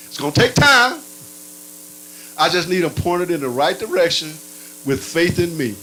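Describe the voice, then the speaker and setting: Man preaching, high voice, bright tone, playful and animated, big jumps in pitch, barking sounds now and then. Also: normal speed, long pauses, a little hiss or hum, low-quality recording. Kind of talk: sermon.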